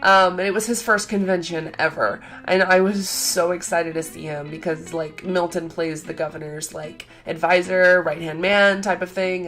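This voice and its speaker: A young woman vlogging in casual chat, gushing and excitable, full of "like" fillers. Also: lowish voice.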